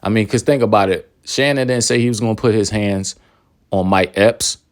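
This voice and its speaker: A male host with a deep, smooth, resonant voice introduces the topic calmly. He speaks at an even, conversational rhythm. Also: normal speed. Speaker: channel host. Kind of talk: commentary setup.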